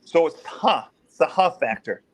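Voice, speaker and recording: A middle-aged man, a former police officer, telling case stories in an interview and acting out the quoted voices. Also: a little fast. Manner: animated, acts out quotes in raised pitch. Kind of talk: storytelling in an interview.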